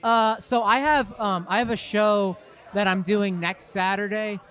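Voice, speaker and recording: A man's voice: high-pitched, fairly even intonation, a little slow, fairly bright tone. A man co-hosting a comedy podcast, casual and slangy, tossing in jokey asides. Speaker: podcast co-host.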